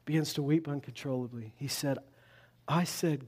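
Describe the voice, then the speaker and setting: A male pastor delivering a conversational sermon to a congregation, animated and full of quick asides. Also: on the high side, husky.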